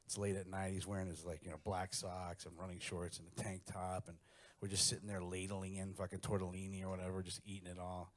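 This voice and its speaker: A middle-aged man doing a stand-up comedy set, telling crude stories in a brash, animated way. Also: deep voice, a little fast.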